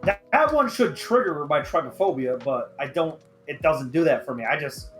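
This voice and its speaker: A man hosting a casual podcast chat, excitable and profane, breaking into sudden loud outbursts. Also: on the high side, normal speed, few pauses, soft background music. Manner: excitable, swearing, shouts in bursts. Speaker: podcast host.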